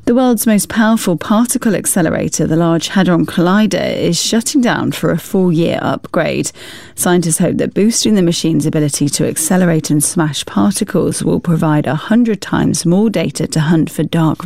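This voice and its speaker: Female newsreader, low mellow voice with some fry, dry close sound, formal measured read. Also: dry recording. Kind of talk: scripted news bulletin.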